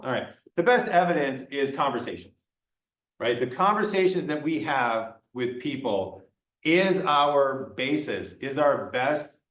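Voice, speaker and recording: A male lecturer giving a conversational classroom talk, acting out little dialogues as he explains. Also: medium pitch. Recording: echoey room, mic far off.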